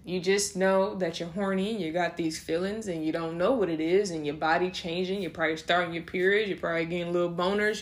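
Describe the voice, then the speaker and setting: A young woman talks through a faith-based podcast episode. She is casual and animated, and small laughs slip in between her phrases. She keeps an easy, middle-pitched speaking voice throughout. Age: young adult. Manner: animated, slips into acted voices for quotes. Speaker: podcast host.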